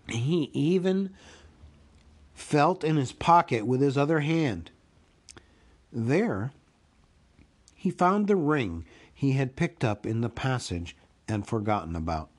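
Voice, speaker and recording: A man reading a storybook aloud as a podcast host, with an expressive, unhurried delivery. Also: medium pitch.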